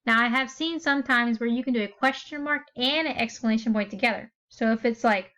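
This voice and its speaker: A woman teacher explaining a writing lesson step by step, pausing often to check in with her students. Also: a little high, a bit bright. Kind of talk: recorded classroom lesson.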